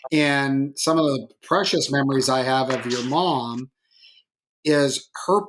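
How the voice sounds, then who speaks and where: A middle-aged man hosts a podcast interview, his voice sitting at a medium pitch. He rambles and restarts as he tells stories, animated and chatty. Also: slow, a little hiss or hum. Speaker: podcast host. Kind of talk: conversational interview.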